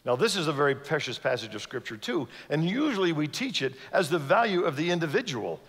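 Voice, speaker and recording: Guest-preaching in a large church sanctuary, a man tells a story and performs its characters' voices. His voice sits on the high side, fairly bright yet husky, very animated and fairly quick. Long hall reverb from the sanctuary fills the recording.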